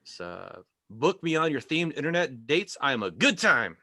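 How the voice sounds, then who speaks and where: A man performing stand-up over a video call, his bright, slightly high voice leaping up and down as he spins wry stories toward each punchline. The sound is close and dry, with no room around it. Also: very animated, normal speed, no echo. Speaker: stand-up comedian. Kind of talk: stand-up set. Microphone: video call microphone.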